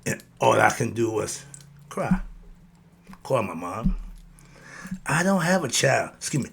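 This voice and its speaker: A man's voice: mid-range voice, expressive, normal speed, gravelly, long pauses, fairly bright tone, breathy edge. A man giving a motivational monologue about spiritual life, speaking in in a preachy, rhythmic way and repeating his catchphrases. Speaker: host.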